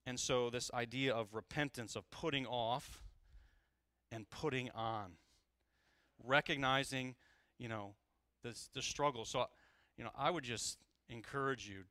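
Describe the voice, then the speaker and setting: A male pastor preaching a sermon, candid and animated, swinging between loud passages and hushed ones. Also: mid-range voice, measured pace, no echo.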